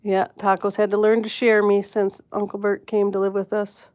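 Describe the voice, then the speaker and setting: A woman's voice: mid-range voice, monotone, moderate pace, darkish tone, no echo. Chatty woman streaming from home, dry sound. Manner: chatty, rambling storyteller who laughs often. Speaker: host of a pet channel live stream. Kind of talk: casual live-stream chat, telling a story and greeting viewers. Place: at home with her pets.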